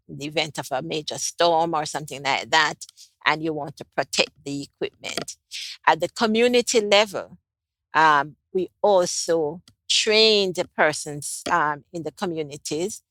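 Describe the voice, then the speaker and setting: Low-voiced woman explaining carefully. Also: fairly bright tone, no room sound. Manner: measured, with frequent ums and restarts. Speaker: climate project lead interviewee. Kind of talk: unscripted interview answers.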